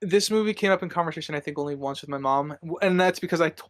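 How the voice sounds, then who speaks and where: A man's voice: fairly high pitch, rapid-fire, no room sound, studio quality. A man hosting a casual movie podcast, rambling with many fillers and frequent laughs. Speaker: podcast host.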